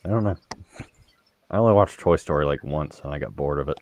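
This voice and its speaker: A man's voice: rumbling low, fairly quick, very noisy. A man chatting with friends on a livestream and making dry jokes. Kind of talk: casual group chat on a livestream.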